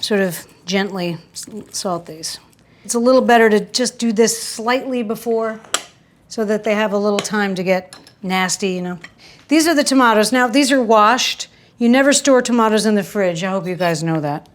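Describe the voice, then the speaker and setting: A woman hosts a cooking show from a kitchen in a casual, running patter. Her voice sits in a middle register, and she is frank and quick to poke fun at herself. Faint sizzling from the pan comes through behind her. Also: mid-range voice, slight background noise, rough recording. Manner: chatty, candid and self-mocking, with sudden exclamations.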